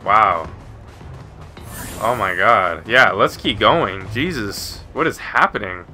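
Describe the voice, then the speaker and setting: A man giving let's play commentary with excitable shouts and frequent exclamations. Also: on the low side, slow, soft background music. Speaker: gamer.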